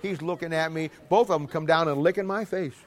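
A man preaching a sermon in an animated, humorous way, stammering restarts and acting out little scenes. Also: a little high, fairly quick.

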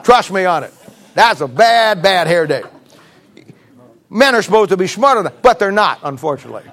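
A man's voice: sits high, sing-song, moderate pace, fairly bright tone. A middle-aged male pastor preaching a sermon in a folksy, emphatic, storytelling way.

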